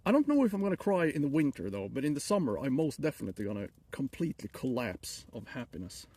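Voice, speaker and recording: A man's voice: medium pitch, big pitch swings, fast talker, darkish tone, slightly rough. A middle-aged man with a Swedish accent, joking and rambling to his chat while streaming from a frozen lake. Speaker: livestreamer. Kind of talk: casual live stream chat.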